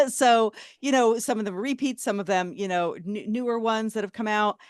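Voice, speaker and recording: A woman's voice: a little high, moderate pace, clear, resonant tone, no room sound. Gushing woman podcast co-host, dry sound. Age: 40s. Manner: effusive, chatty, gushing. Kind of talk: casual interview chat.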